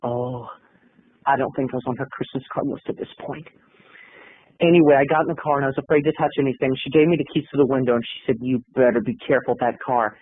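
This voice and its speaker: A man telling a comic story about himself, acting out the lines of the people in it in squeaky voices. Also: steady tone, fast talker, slightly rough, no echo. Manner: acts out quotes in squeaky high voices. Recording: tinny phone-like radio sound.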